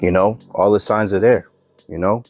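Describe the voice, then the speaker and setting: A man's voice: on the low side, steady tone, normal speed, darkish tone, soft background music. A man giving casual religious commentary on videos, reading scripture and ending remarks with "man".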